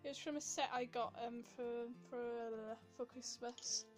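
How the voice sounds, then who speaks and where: A woman's voice: fairly high pitch, fairly even intonation, normal speed, faint music behind. A young Welsh woman chatting casually to camera about her makeup, rambling and giggling, a little out of breath. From Wales. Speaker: beauty vlogger.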